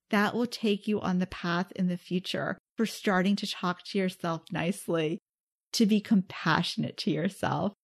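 A woman hosting a self-help podcast, talking earnestly and encouragingly straight to her listeners. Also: medium pitch. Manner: warm, earnest and encouraging, addresses listeners directly. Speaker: podcast host.

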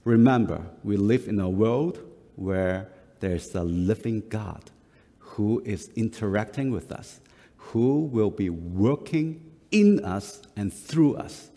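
A middle-aged man from Singapore, a pastor, delivers a sermon in an unhurried, halting way, full of pauses and restarts. His voice sits a little low. The long reverb of a big church hall trails after his words. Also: expressive, warm tone. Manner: slow, halting, with frequent uh fillers and self-corrections.

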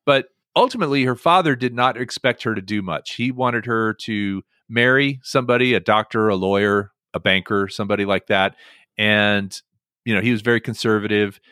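A man hosting a casual chat podcast, telling stories in an animated way with many "um"s and restarts. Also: on the low side, brisk, clean tone, no room sound, studio quality. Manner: animated storytelling with many fillers. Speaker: podcast host.

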